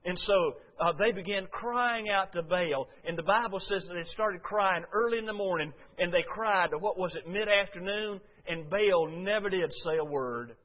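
A man delivering a sermon in a church, chatting to his congregation in a folksy way. His voice sits a little high for a man. The recording is dull and lo-fi. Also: moderate pace, hardly any pauses. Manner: folksy, conversational preaching with frequent "uh" and rhetorical questions. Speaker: preacher.

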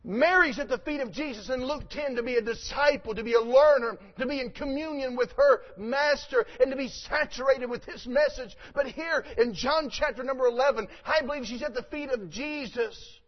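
A man's voice: very high voice, normal speed, muffled recording. A man preaching a sermon, reading scripture aloud and then preaching it with rising, emphatic force.

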